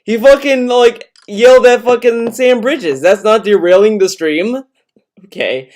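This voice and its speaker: A man's voice: extremely high pitch, a little slow, darkish tone. A man chiming in on a live stream with sarcastic, rambling, stammering remarks. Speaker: co-host commenting. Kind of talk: casual live-stream chat.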